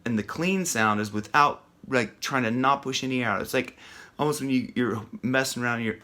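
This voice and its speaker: A man teaching a casual singing lesson, chatty and rambling with many ums and restarts, breaking off to sing loud rock lines. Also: medium pitch, normal speed. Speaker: vocal coach.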